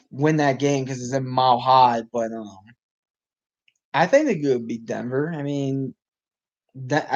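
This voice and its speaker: Casual live sports talk from a male host whose mid-range voice comes through with the highs cut off. He reacts to the game, rambling, restarting, and saying um a lot. His voice is going hoarse.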